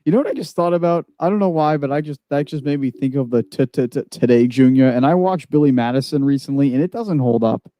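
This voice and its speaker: A man's voice: medium pitch, fast, few pauses, warm tone, dry recording. A man chatting casually on a stream, blunt and dry, telling stories. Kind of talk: casual chat.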